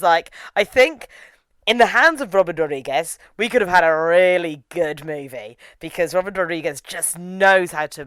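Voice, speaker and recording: Giggly, animated woman with a clear voice. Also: on the low side, no room sound. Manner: giggly, mocking impressions, gushing. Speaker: podcast co-host reviewing a film. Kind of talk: casual chat.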